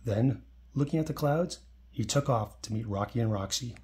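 A man reading a children's picture book aloud in a friendly, expressive way. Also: medium pitch, moderate pace. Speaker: storybook reader.

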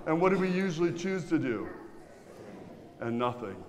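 Male pastor, high-pitched, quizzes the pews, long church reverb. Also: normal speed, background noise. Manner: lively, asks the congregation questions. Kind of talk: sermon. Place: large church.

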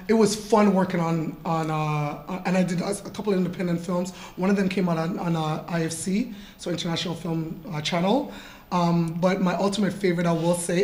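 A woman's voice: on the low side, darkish tone. Chatty woman in a roomy hall. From Canada. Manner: chatty, laughs often, lots of "like" fillers. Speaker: guest model in an artist talk. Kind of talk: casual storytelling interview. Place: event room with an audience.

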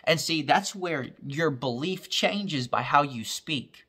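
A man's voice: on the high side, expressive, slow pace, sharp tone, husky. A man preaching a recorded sermon in a fervent, repetitive cadence.

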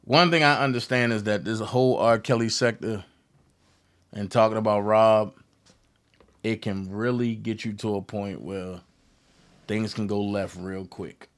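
A man's voice: fairly low pitch, unhurried, long pauses. A man hosting a live stream, chatting casually and easygoing with his viewers. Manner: relaxed, easygoing, talks to his audience. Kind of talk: casual chat.

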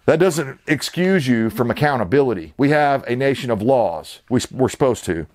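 Brief: male host, rambling sarcastic rant, mid-pitched voice. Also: lively intonation, a little fast, hardly any pauses. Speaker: channel host. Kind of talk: ranting commentary.

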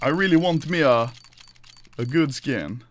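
An excitable young man hosting a casual gaming session, his voice leaping up and down as he jokes and cheers. He breaks into loud outbursts, with a faint hiss of noise underneath. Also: mid-range voice, unhurried. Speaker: host.

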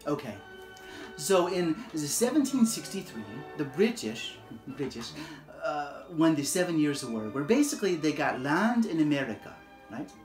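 A woman playing a quirky male history professor who tells the story in halting, broken grammar. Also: sits low, sing-song, a little mellow, reverberant, faint music behind. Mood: animated.

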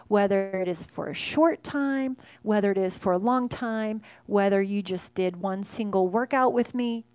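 A chatty woman fitness instructor in her forties talks to her live group in a gushing, affectionate way. She sounds close to the mic, with a dry, dead sound and no room echo. Her voice sits in a middling pitch. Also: a little mellow, clear, resonant tone. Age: 40s. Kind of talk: casual chat to a live class. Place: indoor home workout space.

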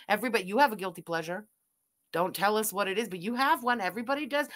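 A woman streamer giving loud, animated, swearing reaction commentary while watching a video, laughing often. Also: medium pitch, fast. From Canada.

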